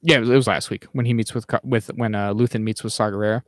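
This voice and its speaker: A man's voice: on the low side, fairly even intonation, no echo, studio quality. Rambling man recapping with restarts. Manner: mimics characters in quick acted asides. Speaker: podcast co-host. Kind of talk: casual chat.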